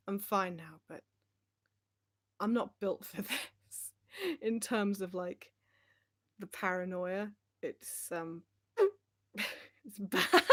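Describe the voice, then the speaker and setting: Young woman, livestream host, rambling casual chat, frequent laughs. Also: medium pitch. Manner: chatty, rambling, laughs often.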